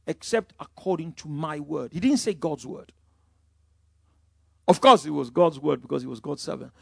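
A man preaching a sermon, swinging between loud emphatic lines and quiet asides. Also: high voice, vocal fry, no echo, studio quality. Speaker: pastor.

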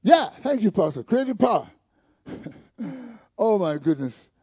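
A man preaching a sermon, calling out to the congregation and building to shouted peaks. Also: high-pitched, very animated, a little slow, husky, no echo, clean studio sound. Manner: call-and-response preaching with rising shouts. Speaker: pastor.

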